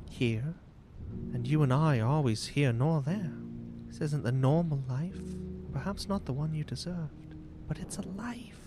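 A man voicing a wandering mother who soothes her child in a high, hushed, half-whispered voice over background music.

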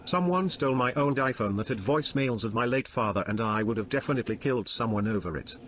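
Robotic male tts voice reading donos, flat, faint background hum. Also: medium pitch, fast. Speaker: donation message reader. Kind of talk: text-to-speech reading.

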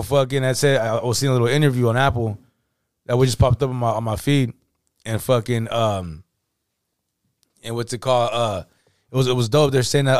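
A man's voice: medium pitch, a little mellow, no room sound, studio quality. A man co-hosting a podcast, telling a story in loose casual chat, full of fillers and swearing. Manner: rambling, profane storyteller with many fillers. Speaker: podcast co-host.

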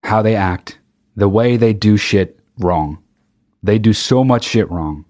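Recording in a very hot room, a man hosting a solo podcast speaks slowly in a lowish, darkish voice. His rant is heated and full of swearing, with frequent sentence restarts.

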